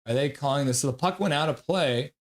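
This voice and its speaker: A man with a somewhat high voice talks a bit quickly as he casually calls a hockey game play-by-play on a live stream. He's chatty, reading chat messages aloud and laughing along often.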